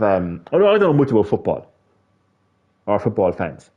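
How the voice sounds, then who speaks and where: A man's voice: fairly low pitch, sing-song, normal speed, narrow, tinny audio. A tired man with an Irish accent, hosting a gaming channel and rambling casually, swearing freely. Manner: rambling, swears freely, mocking quoted voices.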